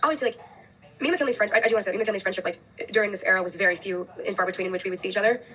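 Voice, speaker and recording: Young woman chatting super fast, rambly, mid voice. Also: medium pitch, bright, forceful tone, poor audio. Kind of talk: casual chat.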